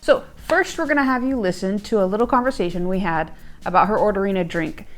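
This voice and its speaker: A woman hosts a language lesson as a fellow learner, explaining things chattily with fillers and glancing at her notes. She speaks fast in a medium-pitched voice over soft background music.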